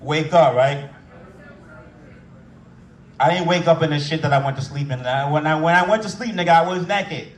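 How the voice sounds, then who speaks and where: Man, stand-up comedian, profane storytelling, animated, voice a bit high, echoey room. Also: moderate pace, pauses often, recorded from a distance. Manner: loud, animated, acts out voices in anecdotes.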